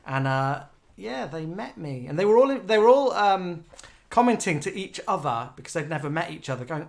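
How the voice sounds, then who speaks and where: A man's voice: on the high side, big pitch swings, normal speed, gravelly. A man, co-hosting a casual live show and telling chatty, self-mocking stories between viewer comments. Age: 40s. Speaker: co-host of a live online show.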